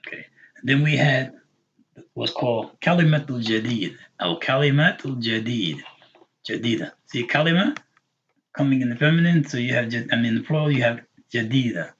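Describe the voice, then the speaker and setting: A man teaching an introductory Arabic class, patiently repeating words slowly for his learners. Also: mid-range voice, a bit bright, slight background noise. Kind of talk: online class lesson. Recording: dull lo-fi recording.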